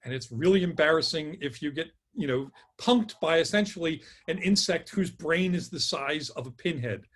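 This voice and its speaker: A man with a high, husky voice spins a campfire-style tale over a video call. He acts out every quote with animated energy and loose, chatty rhythm. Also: normal speed. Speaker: guest author. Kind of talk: casual storytelling.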